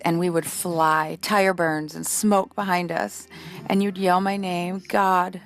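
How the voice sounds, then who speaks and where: A woman's voice: on the low side, flat delivery, a little slow. Heartfelt woman reciting spoken-word poetry. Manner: intimate, heartfelt, reflective delivery. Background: faint music.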